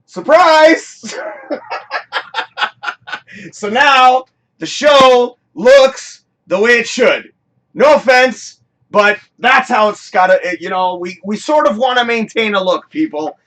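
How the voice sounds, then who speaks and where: A man hosting a casual live-streamed talk show, rambling, excitable and swearing freely in a home studio. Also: sits high, measured pace.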